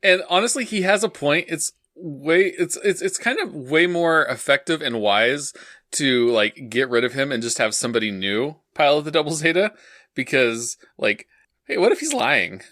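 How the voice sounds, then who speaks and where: A male co-host giving dry, wry asides in a casual podcast about an anime. His voice is bright and lively, with a lot of movement in pitch. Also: moderate pace, no room sound. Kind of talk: casual anime recap chat.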